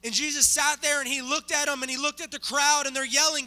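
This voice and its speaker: A man's voice: very high-pitched, flat delivery, brisk, hardly any pauses, pushed and bright. A man preaching as a guest speaker, telling a story dramatically and acting it out with volunteers. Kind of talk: sermon storytelling. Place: church sanctuary. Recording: reverberant church hall.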